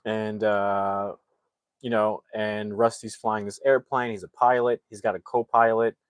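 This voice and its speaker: A man's voice: on the low side, little pitch movement, unhurried, smooth, no room sound. Rambling man recapping a movie. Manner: rambling, acts out character lines while retelling. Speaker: movie reviewer. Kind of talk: casual live-streamed movie recap.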